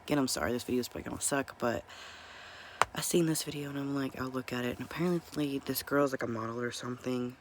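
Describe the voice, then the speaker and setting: Groggy, croaky-voiced man rambling apologetically. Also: medium pitch, fast, background noise. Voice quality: rough, croaky morning voice. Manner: apologetic, rambling, keeping his voice down. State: groggy, just woken up. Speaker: reaction video host. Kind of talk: casual chat. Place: home room. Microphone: earphones mic.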